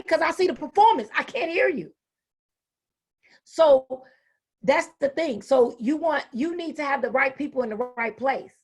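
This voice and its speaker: High-voiced, lively woman educator speaking. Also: moderate pace. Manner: animated, folksy, acts out quoted voices. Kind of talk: motivational talk.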